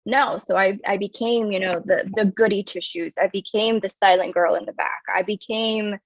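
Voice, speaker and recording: A woman's voice: mid-range voice, steady tone, normal speed, no room sound. A woman guest, a wellness coach, telling her personal story in an earnest, reflective way, with a lot of "like". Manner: earnest and reflective, heavy use of "like". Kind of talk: candid personal storytelling in an interview. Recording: slightly dull, dry recording.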